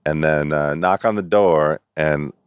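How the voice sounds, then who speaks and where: A middle-aged man telling stories as an interview guest in casual chat, animated and laughing often. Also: extremely low pitch, unhurried, smooth, no echo. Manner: animated storyteller who acts out quotes and laughs often.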